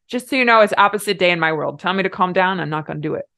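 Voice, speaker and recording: A middle-aged woman, a podcast co-host, telling a personal story in an emotional, animated way. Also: on the low side, quick pace, creaky, dry recording, clean studio sound. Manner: emotional, animated retelling with laughs.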